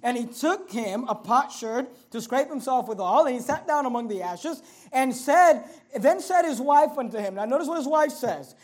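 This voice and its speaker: A man delivers a sermon in a strikingly high-pitched voice. He preaches emphatically, climbing toward near shouts and then sinking low, often doubling back on words and phrases. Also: animated, moderate pace.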